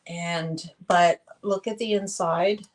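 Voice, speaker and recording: A woman's voice: fairly low pitch, steady tone, slow pace, low-quality recording. A woman, hosting a live online sale in a chatty, gushing way and talking straight to her viewers. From northern United States. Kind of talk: casual live sale chat.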